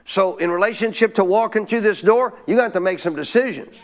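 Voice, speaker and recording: A man's voice: sits high, fast. A man preaching a sermon as pastor, reading verses and prompting his congregation to answer his questions aloud. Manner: call-and-response preaching, asks congregation questions. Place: church.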